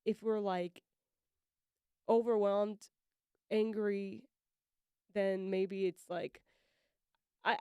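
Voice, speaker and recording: Smooth-voiced woman podcast co-host. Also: medium pitch, dark tone, dry recording, studio quality. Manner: thoughtful, trails off, laughs often. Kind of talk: casual faith podcast chat.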